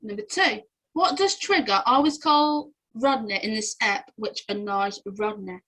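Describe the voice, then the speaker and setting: A woman's voice: medium pitch, a little slow, a bit bright, poor audio. A young woman, chatting casually as she goes through quiz answers and laughing often. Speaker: quiz host.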